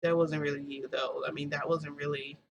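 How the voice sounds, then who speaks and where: A woman voicing a pushy young man who speaks in a hushed, flat, pressing way. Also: low voice, fairly quick, muffled recording, slight background noise, voice pushed down. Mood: insistent.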